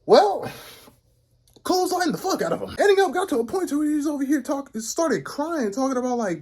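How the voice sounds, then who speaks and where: A man giving a comedic, casual anime recap in loud, profane, incredulous rants. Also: extremely high pitch, sing-song, moderate pace.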